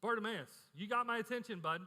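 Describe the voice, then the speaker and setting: A preacher putting on a loud, chummy Jesus. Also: male voice, high-pitched, a little fast, pitched above the performer's own voice. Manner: chummy, calls him "bud", loud and rising. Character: Jesus as an easygoing, warm-hearted man calling out to a beggar. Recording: echoey church hall.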